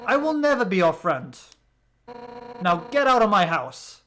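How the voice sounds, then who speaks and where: Fierce female fish warrior, proud and hostile, read aloud by a British player, gruff and lowered, British accent. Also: big pitch swings, a little slow, a bit bright, slight background noise.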